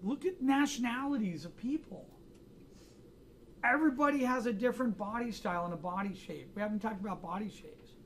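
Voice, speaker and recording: A man's voice: high-pitched, a little fast, a little hiss or hum. A man teaching a drawing class, chatting casually and joking through anecdotes in front of students. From United States. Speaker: art instructor.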